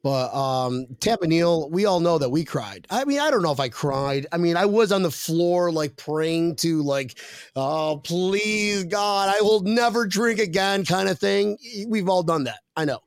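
A man hosts a casual podcast with a slightly high voice, joking and reading viewer comments out loud. The sound is dry and close. He talks like he is among friends. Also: expressive, moderate pace, few pauses, no echo. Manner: jokey, reads viewer comments aloud. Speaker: podcast host. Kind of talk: casual chat.

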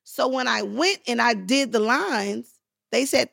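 Woman, middle-aged, high voice, gravelly, animated storyteller, dry close sound. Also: moderate pace, dry recording. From Los Angeles. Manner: animated, acts out voices in her stories. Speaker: guest actress. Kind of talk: storytelling interview.

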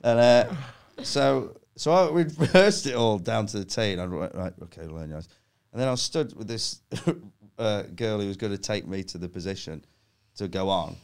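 A man's voice: fairly low pitch, animated, moderate pace, gravelly, hardly any pauses, darkish tone, clear, resonant tone. A man, a comedian guest, telling a story on a casual podcast. He swears freely and acts out his own panicked voice.

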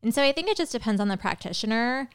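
A woman guest in a casual podcast chat, rambling and animated, full of "like" fillers. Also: a little high, smooth. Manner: rambling, heavy use of "like" fillers; animated, quick bursts of excitement.

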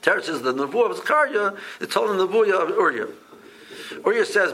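A man teaching a Talmud class, speaking in a halting way with many restarts and repeated words. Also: sits high, lively intonation, fairly bright tone, low-quality recording. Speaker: Torah teacher.

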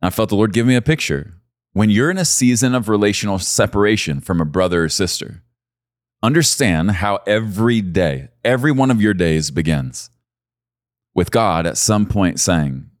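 A man preaching a sermon as pastor, swinging from low, quiet stretches to loud, high emphasis. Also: animated, normal speed, no echo, clean studio sound.

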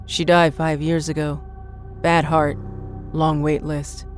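Woman reading a wary bearded loner man, gruff and clipped, story narration. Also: deep voice, level tone, slow, soft background music. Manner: guarded, suspicious. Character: gruff burly bearded man living alone. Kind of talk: audiobook narration.

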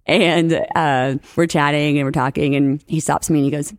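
A young woman from New Orleans, a podcast guest, telling lively stories in casual chat and acting out the lines of the people she quotes. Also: deep voice, moderate pace, dry recording, clean studio sound. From New Orleans, USA. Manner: animated storyteller, acts out quotes, laughs often.

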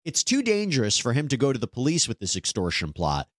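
A male host walks through a murder trial in a narrated legal news breakdown. His pitch swings widely as he asks pointed, incredulous rhetorical questions. The sound is dry and close-miked. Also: huge pitch swings, quick pace, hardly any pauses, no room sound.

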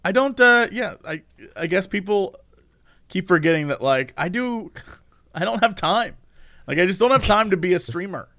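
Young male streamer, high voice, animated rambling chat, dry close sound. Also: moderate pace, dry recording. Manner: animated, rambling, laughs a lot. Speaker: streamer and video maker. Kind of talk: casual chat.

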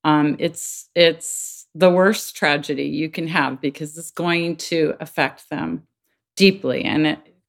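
A woman with a notably low voice talks earnestly in a relaxed interview. She is middle-aged and animated, breaking into high, sing-song quoted voices before dropping back to her low, steady register. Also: slow, vocal fry. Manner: earnest, acts out quoted voices with big pitch jumps. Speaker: podcast guest, child advocate. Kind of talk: conversational interview talk.

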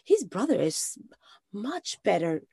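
A woman's voice: medium pitch, big pitch swings, slow pace, creaky, mellow, slightly rough, no echo, clean studio sound. A Scottish woman in her late twenties, a podcast guest, gossiping in a rambling, casual way. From Scotland. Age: 20s. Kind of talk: casual chat.

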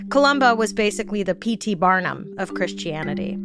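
A woman's voice: mid-range voice, lively intonation, brisk, few pauses, music in the background. A woman hosting a podcast, narrating a scripted story with wry, jokey asides. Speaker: podcast host.

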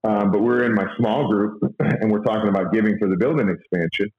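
Man, low-pitched voice, earnest and halting, roomy dull recording. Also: slight background noise. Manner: halting, many fillers and restarts, earnest. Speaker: guest sharing faith and money advice. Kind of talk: casual conversational talk.

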